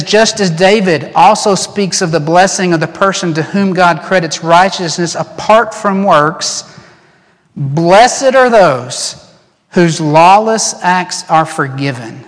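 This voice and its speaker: A male pastor delivers an animated sermon from a church sanctuary, his somewhat high voice ringing with long reverb. He swings between lively acted-out quotes and quiet, earnest passages. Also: slow. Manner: animated preaching, acts out quoted voices, drops to soft earnest tones. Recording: long reverb in a large hall.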